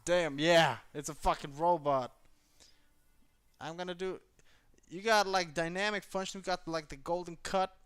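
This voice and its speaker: A man vlogging casually at home, talking aloud as he tries out a camera gimbal. He speaks in a loose, slangy, profane way and gets excited easily. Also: fairly high pitch, normal speed, long pauses, clear, resonant tone. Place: indoors at home.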